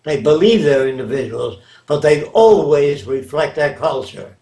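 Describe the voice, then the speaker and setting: A man's voice: on the high side, lively intonation, a little slow, dark tone. An older man answering interview questions in an emphatic, lecturing way, often checking whether his listener understands. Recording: roomy echo.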